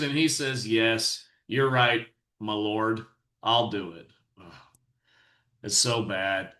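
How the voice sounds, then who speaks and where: A man's voice: medium pitch, sharp tone, reverberant. A man hosting his own commentary show, reacting to video clips with exasperated, sarcastic and preachy remarks. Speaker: host and commentator.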